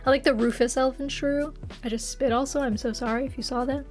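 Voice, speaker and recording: A woman streamer talks casually into her desk microphone, reacting to chat with a bright, high-pitched voice. She giggles often and gets excited easily. Faint music plays quietly behind her. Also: fast talker.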